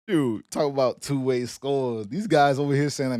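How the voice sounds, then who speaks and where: A man, riffing on his team's struggles in a loose, slangy rant that keeps breaking into laughter. His voice sits at a middling pitch, and the sound is dry and close with no room echo. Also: normal speed, warm tone. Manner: laughing, joking, trash-talking in slang. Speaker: sports commentary vlogger. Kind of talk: casual sports rant.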